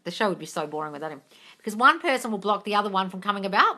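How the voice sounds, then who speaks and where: Her medium-pitched voice races as this young adult woman answers questions on a casual live stream. Animated and prone to loud excited outbursts, she speaks bluntly, swears, and addresses viewers as darling.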